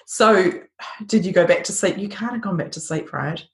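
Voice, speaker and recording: Host: woman with a low voice, attentive interviewer, roomy sound. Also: normal speed. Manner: attentive, short affirmations and recaps. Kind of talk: interview chat.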